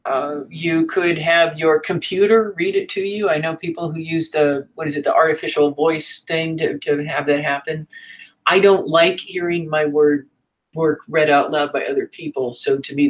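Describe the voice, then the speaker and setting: A woman's voice: sits low, rough recording. A woman teaching a writing class in a frank, chatty way, with fillers and asides. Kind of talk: casual teaching talk.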